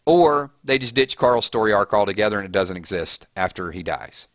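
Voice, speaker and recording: Here a man with a voice on the low side talks a little fast while hosting a relaxed live stream, loosely chatting and reading out what viewers write. He's animated, and his voice springs up on names and questions. There's no room sound.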